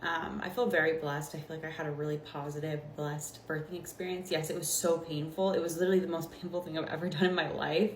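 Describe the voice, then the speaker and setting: A woman's voice: low-pitched, fast, few pauses. A young woman vlogger telling a casual storytime while doing her makeup, chatty and full of fillers. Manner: chatty, filler-heavy, animated retelling. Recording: roomy with faint background noise.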